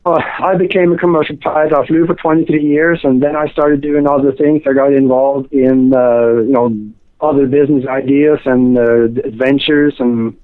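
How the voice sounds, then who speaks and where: A man's voice: mid-range voice, steady tone, moderate pace. An older man from Norway, a radio guest talking casually in a rambling, hesitant way full of fillers, heard over a cell phone. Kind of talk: casual interview. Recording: tinny cell phone line.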